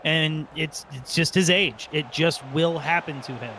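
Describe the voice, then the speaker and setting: A man co-hosting a soccer podcast, talking casually in a rambling, excitable way during a live watch party. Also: fairly high pitch, a little slow, a little hiss or hum. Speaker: podcast co-host.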